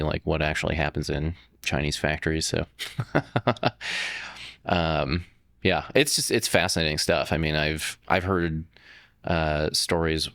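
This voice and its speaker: Man, extremely low voice, dry close sound, casual guest, loose rambling talk. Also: a bit bright, no room sound. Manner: rambling, many fillers and restarts. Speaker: startup founder and CEO, guest. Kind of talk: casual interview conversation.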